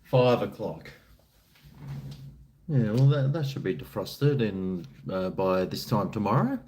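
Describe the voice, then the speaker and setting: A man's voice: on the low side, big pitch swings, takes it slowly, darkish tone, a little hiss or hum. An Australian man chatting casually on a live stream, answering chat in a laid-back, rambling, jokey way.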